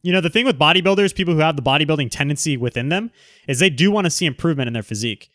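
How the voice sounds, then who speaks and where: A man's voice: a little high, lively intonation, rapid-fire, fairly bright tone, no room sound, studio quality. A man hosting a livestream, reading viewer comments aloud and answering them in a frank, rambling way with many restarts. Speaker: livestream host.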